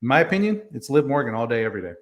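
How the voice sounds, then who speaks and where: A man's voice: mid-range voice, big pitch swings, very fast. A man co-hosting a wrestling podcast, chatting casually and earnestly arguing his picks, with plenty of ums and you-knows. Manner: earnest, makes his case with fillers. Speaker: podcast co-host. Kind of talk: casual chat.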